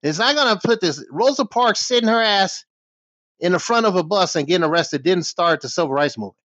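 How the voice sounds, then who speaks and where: A man's voice: high voice, lively intonation, brisk, fairly bright tone, no room sound. An American man delivering an angry, profane vlog rant in heated bursts. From United States. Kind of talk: ranting vlog monologue. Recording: dull lo-fi dry recording.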